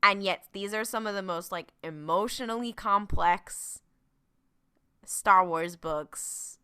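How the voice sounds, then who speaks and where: A woman's voice: medium pitch, slow pace, pushed and bright, clean tone. A woman co-hosting a podcast, chatting casually and animatedly, swearing and laughing often. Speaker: podcast co-host. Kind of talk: casual chat.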